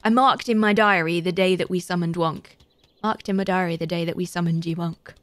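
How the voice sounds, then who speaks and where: A woman's voice: lowish voice, steady tone, a little fast, a bit bright, no room sound. Giggly woman streaming a game. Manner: giggly and chatty, thanking viewers. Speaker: live streamer. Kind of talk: live gameplay commentary.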